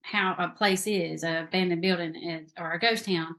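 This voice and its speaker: A woman's voice: fairly low pitch, steady tone, normal speed, a bit bright. A woman from South Carolina with a Southern accent, a guest author describing her book in chatty, rambling talk with many fillers. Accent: Southern American. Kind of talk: casual interview chat.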